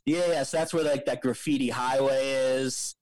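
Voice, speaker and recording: A man's voice: mid-range voice, fairly even intonation, moderate pace, darkish tone, dry recording, low-quality recording. A young man from the Philadelphia area telling a long story in casual podcast chat, full of "like" and "um". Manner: rambling storyteller, lots of "like" and "um". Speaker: co-founder of a local news outlet, co-host.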